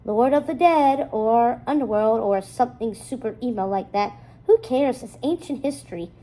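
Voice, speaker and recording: Woman reader doing joking young ex-racer coach brother, mellow, pep-talk manner. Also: a little high, normal speed, natural voice, poor audio.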